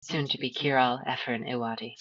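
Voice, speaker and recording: A woman playing a tabletop game who talks in a thoughtful, halting way. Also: extremely low pitch, fairly even intonation, fairly bright tone. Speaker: player. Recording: dull lo-fi sound.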